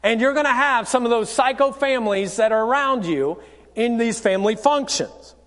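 High-voiced man preaching in a reverberant hall. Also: expressive, normal speed, a bit bright. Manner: practical, conversational preaching with acted-out quotes. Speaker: pastor. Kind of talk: sermon.

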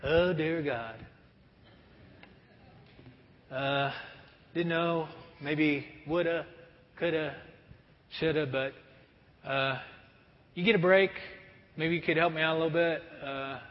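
A man voicing a half-hearted man praying weakly, low, quiet and hesitant, full of ums and trailing words. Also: steady tone, slow pace, pauses often. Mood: limp, mumbling. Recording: dull recording with long hall reverb.

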